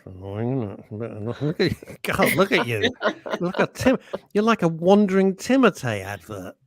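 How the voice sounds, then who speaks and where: Joking male radio host, lively pitch. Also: normal speed, dry recording, clean studio sound. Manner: joking, teasing banter. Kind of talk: casual radio chat.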